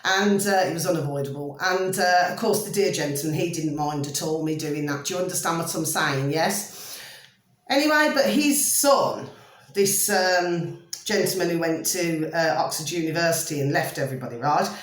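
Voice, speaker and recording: A woman's voice: low voice, moderate pace, echoey room. Chatty woman telling a story. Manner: chatty, rambling, many tag questions to viewers. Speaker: vlogger. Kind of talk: casual storytelling to viewers.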